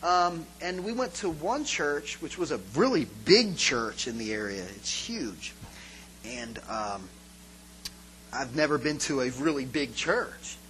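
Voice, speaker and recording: A man's voice: a little high, takes it slowly, slight background noise, rough recording. A man giving an informal sermon as a pastor, telling stories and acting out scenes for his congregation. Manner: animated storytelling, acts out scenes.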